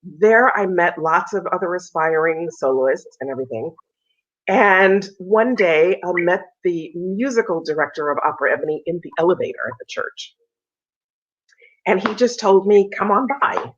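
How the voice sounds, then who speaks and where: A woman in her fifties, an opera singer being interviewed, speaks at a moderate pace in a lowish voice through muffled video call audio. She tells her stories casually and with lots of life, acting out the voices of people she quotes.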